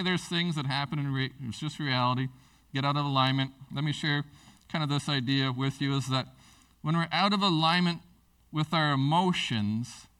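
Pastor preaching, bright and distant. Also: male voice, mid-range voice. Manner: earnest, lively storytelling with frequent restarts. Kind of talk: sermon. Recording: voice from a distance from the mic.

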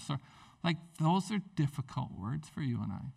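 A pastor preaching a sermon in a church, animated and jokey, acting out characters as he goes. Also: medium pitch, moderate pace, vocal fry, far from the mic.

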